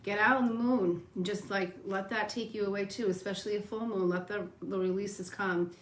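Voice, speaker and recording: A woman's voice: mid-range voice, steady tone, a little fast, a little hiss or hum. Brief: woman co-host, earnest advice, echoey room sound. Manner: earnest, advice-giving, loose phrasing. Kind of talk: casual chat.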